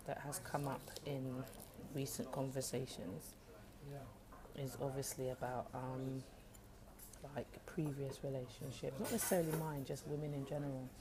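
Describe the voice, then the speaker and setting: A woman chatting casually to camera while eating breakfast in a café. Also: low-pitched. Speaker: vlogger. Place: busy café. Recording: phone in a noisy café. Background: café crowd chatter.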